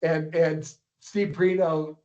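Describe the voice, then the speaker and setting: A man's voice: on the high side, flat delivery, takes it slowly, darkish tone. A man in his sixties, a podcast guest and longtime coach, telling stories in a rambling way, repeating words and acting out what others said. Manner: rambling, repeats words, acts out quoted dialogue. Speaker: podcast guest, ski racing coach and publisher. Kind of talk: anecdotal storytelling. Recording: slightly muffled lo-fi podcast audio.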